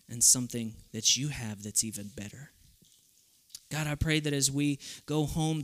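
A young man giving an animated sermon, telling stories with voiced asides and then leading a prayer. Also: medium pitch. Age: young adult. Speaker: youth speaker.

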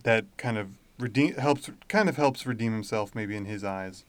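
A man's voice: fairly low pitch, normal speed, no echo. A man co-hosting a podcast, thinking aloud in a hesitant, casual way. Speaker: podcast co-host. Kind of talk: casual chat.

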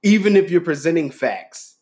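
A young man co-hosting a casual chat show, laying down his rules with emphasis. His pitch rises and falls widely. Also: big pitch swings, normal speed, a little mellow. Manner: emphatic, lecturing about rules. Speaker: podcast co-host.

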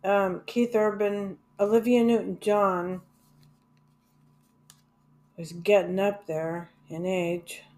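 Woman, unhurried rambling music vlogger, filler-heavy and blunt. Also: medium pitch, steady tone, darkish tone. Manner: rambling, hesitant, many fillers and restarts; blunt, swears casually. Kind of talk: casual rambling monologue.

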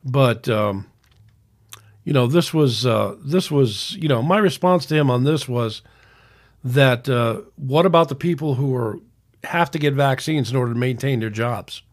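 A man's voice: mid-range voice, a little slow. A man in his sixties hosting a podcast, reading out messages and arguing back in a solo opinion monologue. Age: 60s. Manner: reads out messages and argues back, frequent restarts. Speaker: podcast host.

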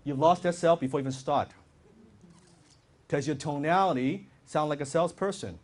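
A man giving a lively live sales seminar, quizzing the audience with questions. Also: fairly high pitch, brisk. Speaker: sales trainer and seminar speaker. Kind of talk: live motivational seminar talk.

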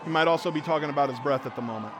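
High-voiced joking pastor. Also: male voice, racing, over music, a crowd in the background. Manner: joking, self-mocking storytelling; animated, swings from loud to quiet. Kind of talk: sermon.

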